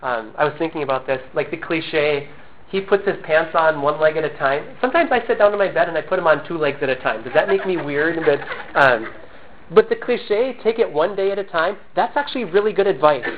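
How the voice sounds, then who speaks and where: A man's voice: fairly high pitch, expressive, fairly quick, slight background noise. A man preaching a sermon, earnest and emphatic, with self-deprecating humorous asides, still recovering from a cough. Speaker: pastor. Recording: tinny phone-like sound.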